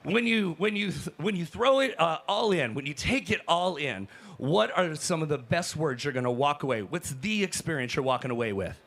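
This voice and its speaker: A high, gravelly male hype host works a convention floor. He shouts with excitement and chats with fans as he moves through the crowd. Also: moderate pace, few pauses. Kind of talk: energetic live event hosting.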